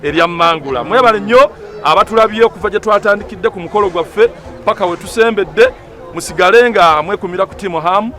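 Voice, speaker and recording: A young man from Uganda speaks outdoors at his old school, rallying the viewers as a former student. His voice sits high and his words come fast, with a lively, direct manner. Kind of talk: casual speech at a school event.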